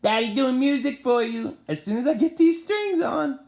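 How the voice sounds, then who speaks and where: A man's voice: very high voice, animated, normal speed, gravelly, darkish tone. A man filming his pet bird at home, gushing at it in baby talk. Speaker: pet owner. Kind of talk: casual home video.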